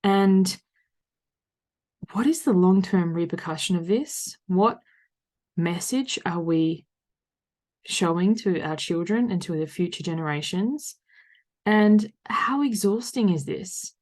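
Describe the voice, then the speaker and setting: A woman in her thirties with an Australian accent, hosting a solo podcast as a coach and talking loudly, frankly and conversationally. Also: on the low side, animated, slow pace, pauses often. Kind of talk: reflective solo podcast monologue.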